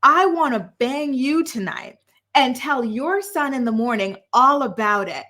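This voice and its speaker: A woman's voice: sits high, lively intonation, a little slow, sharp tone, voice pushed up, exaggerated voice. A woman mimicking a smug, creepy middle-aged boyfriend in a gloating tone.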